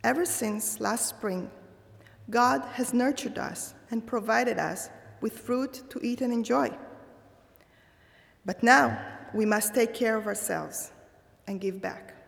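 A woman delivers a reflective holiday sermon at an unhurried pace. Her fairly high voice carries a gravelly fry. A long reverb trails her words. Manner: slow, measured, thoughtful delivery. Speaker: religious speaker.

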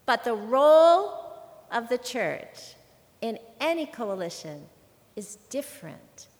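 A woman's voice: a little high, very animated, takes it slowly. Earnest woman preaching in an echoing hall. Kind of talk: sermon storytelling.

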